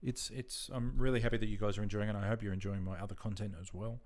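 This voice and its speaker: A man's voice: lowish voice, steady tone, fast talker. A laid-back Australian man chatting casually with viewers during a game stream, rambling and friendly with lots of fillers. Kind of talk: casual live-stream chat.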